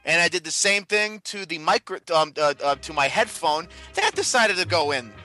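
A man with a high, lively voice chats casually on a podcast. He tells a story in a rambling, halting way, with a bright edge to his tone. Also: soft background music. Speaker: podcast co-host.

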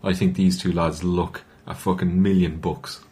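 A man's voice: low voice, level tone, normal speed, mellow. A man co-hosting a casual wrestling review podcast, wry and laughing along, swearing casually. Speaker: podcast co-host.

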